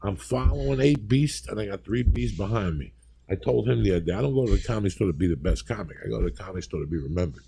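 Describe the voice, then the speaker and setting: A man, a comedian on a podcast, telling profane, animated stories and acting out the people in them. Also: fairly low pitch, fast, gravelly, background noise. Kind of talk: profane storytelling.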